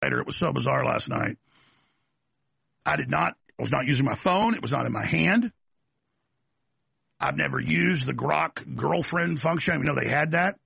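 A man's voice: a little high, animated, moderate pace, vocal fry, long pauses, sharp tone, breathy edge, no echo. A middle-aged man hosting an opinionated commentary show, ranting heatedly and acting out the voices he quotes. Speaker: talk show host.

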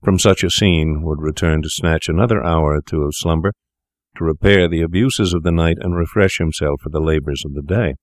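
A man reading a classic tale aloud as an audiobook narrator, in a measured storytelling delivery. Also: extremely low pitch, no echo, clean studio sound.

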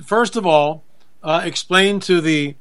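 A man's voice: on the high side, slow, fairly bright tone, clear, resonant tone. A middle-aged man hosting a radio talk show, chatty and self-deprecating, in a folksy manner. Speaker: radio host.

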